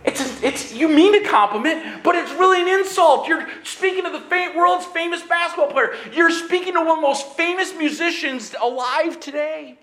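A man preaching a sermon in an animated way, sometimes raising his voice and acting out quick bits of dialogue. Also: extremely high pitch, echoey room. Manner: animated preaching with bursts of shouting; acts out dialogue in quick asides. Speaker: pastor.

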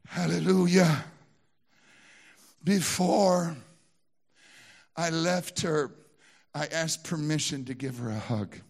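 Preaching in a church, a pastor with a Southern American accent shifts from hushed storytelling to shouted exhortation. His voice is a little high and unhurried.

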